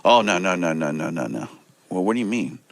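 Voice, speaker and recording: Man doing a low-voiced stubborn Russian-accented wrestler, blunt refusals, dry close sound. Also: very animated, fairly quick, vocal fry, no room sound, heavily acted. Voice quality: heavy put-on accent, blunt. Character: gruff older male wrestler with a heavy Russian accent, stubborn.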